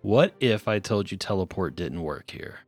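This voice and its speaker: A young man running a tabletop game as game master, teasing the players and slowing down for dramatic description. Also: low voice, lively intonation, no room sound, faint music behind.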